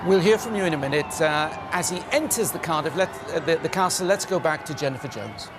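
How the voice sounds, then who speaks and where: A man's voice: fairly high pitch, lively intonation, fast, over music. A man presenting live news commentary, talking conversationally with a guest. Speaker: broadcast presenter. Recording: broadcast with street noise behind.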